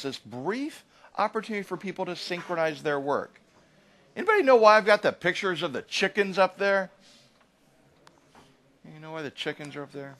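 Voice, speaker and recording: A man giving a live lecture to an audience as an agile trainer, animated and often checking in with "right?". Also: sits high, moderate pace, long pauses.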